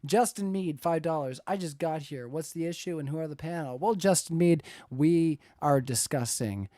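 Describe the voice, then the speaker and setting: A man's voice: a little high, normal speed, dark tone, dry recording, studio quality. A man hosting a live-stream debate, reading viewer messages aloud and laughing often. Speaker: debate moderator reading donations. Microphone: close to the mic.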